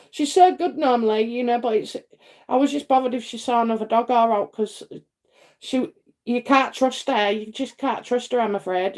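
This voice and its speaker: A woman's voice: on the high side, darkish tone. A middle-aged woman from England hosting a live psychic stream, chatting in a rambling way full of fillers and repeats. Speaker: psychic livestream host. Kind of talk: casual livestream chat and readings.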